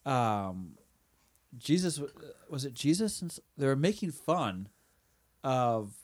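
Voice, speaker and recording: A man's voice: medium pitch, big pitch swings, slow. A man co-hosting a podcast, chatting casually about a TV episode and joking by quoting characters. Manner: easygoing, jokes by quoting characters. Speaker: podcast co-host. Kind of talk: casual chat recapping a TV episode.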